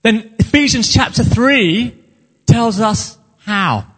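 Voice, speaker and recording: Man, pastor, earnest impassioned sermon, high voice, husky tone, long church-hall reverb. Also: expressive, slow pace, fairly bright tone.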